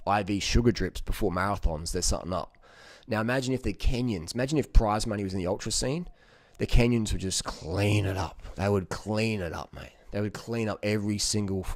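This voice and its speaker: A man's voice: on the low side, darkish tone, dry recording, clean studio sound. A man talking in a casual, rambling monologue, blunt and profane, with lots of "you know" fillers. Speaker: vlogger giving diet advice.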